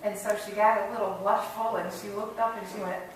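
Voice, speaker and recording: A woman's voice: mid-range voice, flat delivery, brisk, far from the mic, very noisy. Woman pastor preaching in an echoey church. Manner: conversational, earnest storytelling. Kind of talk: sermon. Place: church sanctuary.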